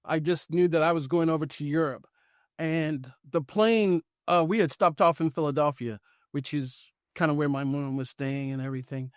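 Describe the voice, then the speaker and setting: A middle-aged man with a fairly high-pitched voice speaks at normal speed, animatedly telling a casual anecdote on a podcast and acting out what the people in it said. The audio is studio quality with no room sound.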